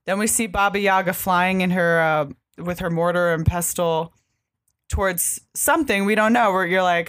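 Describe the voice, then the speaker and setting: A woman's voice: lowish voice, normal speed, fairly bright tone, no echo. Casual young woman, lots of "like". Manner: rambling, heavy use of filler "like". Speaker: podcast co-host. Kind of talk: casual chat recapping a comic book.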